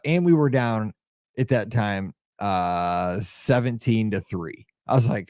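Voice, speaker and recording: Man, podcast host, excitable storyteller, relaxed mellow tone, dry close sound. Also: lowish voice, slow, dry recording. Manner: excitable, rambling sports storyteller; openly emotional. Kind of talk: casual podcast monologue.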